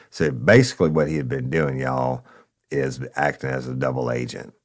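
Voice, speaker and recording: A man's voice: steady tone, moderate pace. A man, a former narcotics officer telling a true crime story in a blunt, profane way. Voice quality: gravelly, very deep. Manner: blunt and profane, addressing listeners as y'all.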